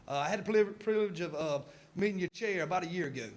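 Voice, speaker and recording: A man, a student pastor, giving a public presentation in rapid-fire, auctioneer-like talk. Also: sits high.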